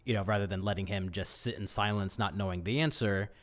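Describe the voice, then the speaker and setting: A man with a fairly low voice taking his turn on a casual podcast. He works through his idea slowly, pausing on filler words as he explains the subtext of a scene. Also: steady tone. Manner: measured, hesitant, many fillers. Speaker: podcast co-host. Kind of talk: casual movie discussion.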